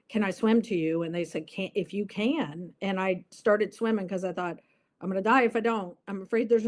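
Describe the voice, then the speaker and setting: A woman guest in an interview, telling a personal story earnestly and vividly, with many fillers. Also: mid-range voice.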